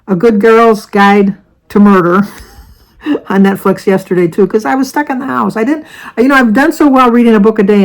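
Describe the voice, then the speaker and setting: A woman's voice: medium pitch, low-quality recording. Older american lady just chatting away, rambly, fixes her own words a lot. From United States. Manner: rambling, chatty, self-correcting. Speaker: vlogger. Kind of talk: casual chat to camera.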